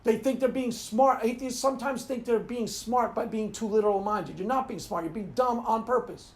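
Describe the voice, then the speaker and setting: A man's voice: very high voice, normal speed. A man hosting his own video, ranting casually and rambling, often laughing at his own jokes. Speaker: video host.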